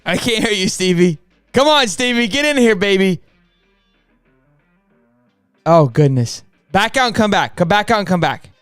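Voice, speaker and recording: A man hosting a sports live stream, hoarse after losing his voice, talking in a hyped, rambling way and calling out to "boys and girls.". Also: high voice, animated, normal speed, pauses often, a bit bright, no room sound, studio quality, faint music behind. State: hoarse, voice partly gone. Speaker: sports show host. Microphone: studio mic on a stream.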